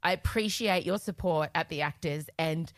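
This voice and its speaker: A woman's voice: low voice, normal speed, no echo. A woman with an Australian accent, hosting a podcast in casual, laughing chat. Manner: chatty, laughing, swearing. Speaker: podcast host.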